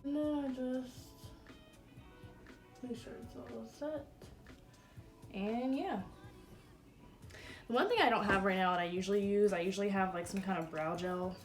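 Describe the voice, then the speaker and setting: A woman's voice: mid-range voice, unhurried, long pauses. Woman, 20s, casual get-ready-with-me talk, crude and rambling, faint background music. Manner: chatty, crude, fillers of "like" everywhere. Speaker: beauty vlogger. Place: room at home.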